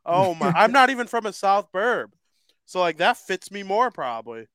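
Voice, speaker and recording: A man hosting a casual sports podcast, joking and excitable as he talks. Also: high-pitched, normal speed, clean tone, dry recording. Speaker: podcast host.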